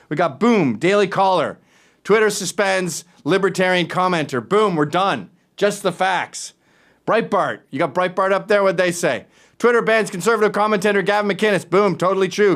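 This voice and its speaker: A male show host ranting sarcastically in a casual monologue. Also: fairly high pitch.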